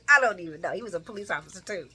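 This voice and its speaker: Lively, bright-voiced woman recapping soaps. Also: mid-range voice, a little hiss or hum. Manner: animated, laughing, talks back to characters. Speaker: soap opera recap host. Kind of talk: casual recap chat.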